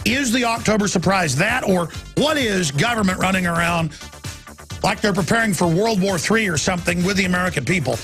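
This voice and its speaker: A man's voice: sits high, a little fast, fairly bright tone, faint music behind. A man hosting a talk radio show, delivering an indignant, emphatic monologue. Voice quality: gravelly, raspy.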